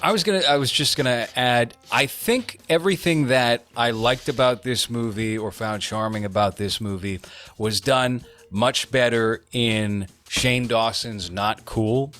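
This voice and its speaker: A man in his thirties chatting casually on a podcast, giving a measured, critical take in long run-on thoughts. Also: medium pitch, a bit bright, soft background music. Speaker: podcast co-host reviewing a movie. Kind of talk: casual chat.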